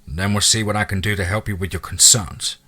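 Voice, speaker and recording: A man's voice: lowish voice, steady tone, fairly quick, pushed and bright. A man reading the lines of a cold, formal army sergeant who answers in a clipped, mechanical way.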